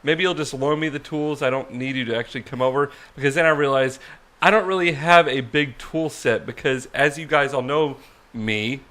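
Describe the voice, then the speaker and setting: A man's voice: medium pitch, moderate pace, pushed and bright. A man on a podcast, telling a rambling, self-mocking story in casual chat. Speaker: podcast co-host.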